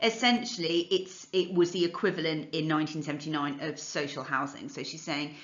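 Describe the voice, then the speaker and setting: A woman's voice: low-pitched, steady tone, fairly quick, reverberant, lo-fi sound. A woman teacher walking students through a revision lesson in a chatty, explanatory way, with frequent fillers and restarts. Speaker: English literature teacher.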